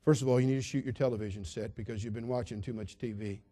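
A male pastor delivering an emphatic, repetitive sermon, dropping soft and then building loud. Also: medium pitch, steady tone, fast.

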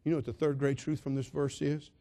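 A male pastor delivering an emphatic, repetitive sermon, dropping soft and then building loud. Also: on the high side, little pitch movement, fast.

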